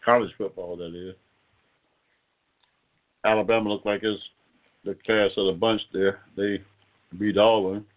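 A man's voice: fairly low pitch, level tone, measured pace, pauses often. An older man, hosting a casual internet radio talk show in a rambling, folksy way. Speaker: host. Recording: phone-like call-in line.

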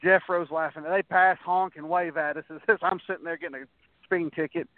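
A wrestler appearing as a guest in a casual interview talks a little fast in a steady, somewhat high voice that's slightly raised. He spins long, rambling anecdotes with many restarts and acts out other people's lines. The sound is thin and phone-like, close and dry with no room echo.

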